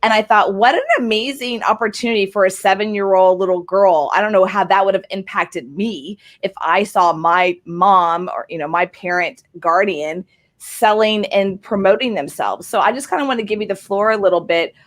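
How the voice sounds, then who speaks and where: A woman hosts a casual chat over a video call, speaking at an everyday middle pitch. She is warmly affirming and keeps nudging the talk along with "right?". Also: normal speed. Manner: encouraging, affirming, often adds "right?". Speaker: host.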